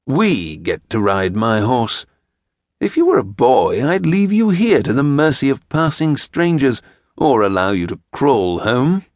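Male reader as a fussy, scowling gentleman: clipped, dry, lively pitch, dead-dry sound. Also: measured pace, no echo. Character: stern, fussy tall gentleman rider, sardonic.

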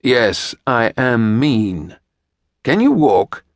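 Male reader as a fussy, scowling gentleman: clipped, dry, lively pitch, dead-dry sound. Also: very slow, dry recording, exaggerated voice. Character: stern, fussy tall gentleman rider, sardonic.

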